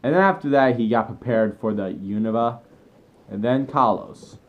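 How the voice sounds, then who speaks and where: A young man vlogging an excited, rambling fan rant with frequent self-corrections. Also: mid-range voice, normal speed, lo-fi sound.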